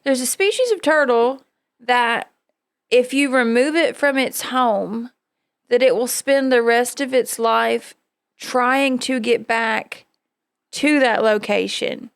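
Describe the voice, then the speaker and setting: A woman's voice: on the high side, slow pace, creaky, clean tone, dry recording, studio quality. A woman hosting a podcast in casual chat, blunt and profane, laughing often. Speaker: podcast host.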